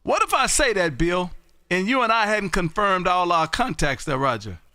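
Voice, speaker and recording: A man hosting a ham radio show, calling CQ and chatting loudly and folksily with callers. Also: high voice, big pitch swings, dry recording. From Texas. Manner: loud, folksy, drawn-out exclamations. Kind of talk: casual on-air radio chat.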